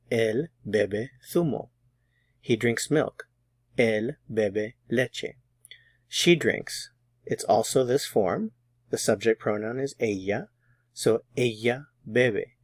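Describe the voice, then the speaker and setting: Guy teaching spanish, slow and patient, kinda low voice, dry close sound. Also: no echo. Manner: patient, methodical, slows down on example phrases. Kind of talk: explaining grammar lesson.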